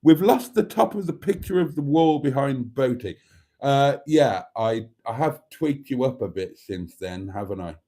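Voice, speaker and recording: A man's voice: mid-range voice, animated, moderate pace, mellow. A man hosting a casual live stream from a phone, reading out viewer comments in a theatrical, self-mocking way and calling his audience darlings. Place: at a table indoors. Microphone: phone camera.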